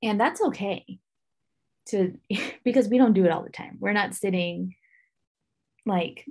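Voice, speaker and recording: Co-hosting a parenting podcast, a pregnant woman chats casually about parenting in a medium-pitched, darkish voice at a slightly slow pace. She sounds a bit winded and uses many fillers.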